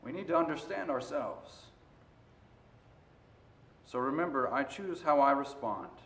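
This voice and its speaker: A man preaching a sermon, moving between quiet stretches and loud, emphatic passages. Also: medium pitch, animated, measured pace. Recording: roomy echo.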